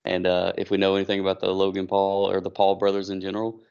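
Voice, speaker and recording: A man co-hosting a casual chat show, retelling events with animated acted-out quotes. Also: deep voice, fast, gravelly, smooth. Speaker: podcast co-host. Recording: dull lo-fi recording.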